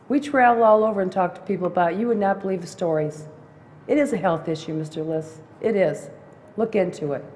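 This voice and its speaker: A woman's voice: on the low side, a little mellow. A woman making an urgent, pleading public comment at a city council meeting. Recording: echoey council chamber, faint hum.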